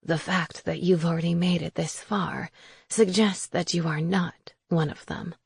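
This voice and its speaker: Creepy old crone as read by a woman, slow low whisper, close dry mic. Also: fairly even intonation, vocal fry, a little mellow, husky, dry recording, exaggerated voice. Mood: sly. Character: frail ancient witch crone, eerie, knowing. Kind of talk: audiobook character voice.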